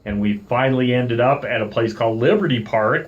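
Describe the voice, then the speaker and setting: A middle-aged vlogger tells a story in a casual video, animated and irritated, acting out both sides of an argument and referring to himself by name in the third person. His voice sits mid-range and he talks fairly quickly.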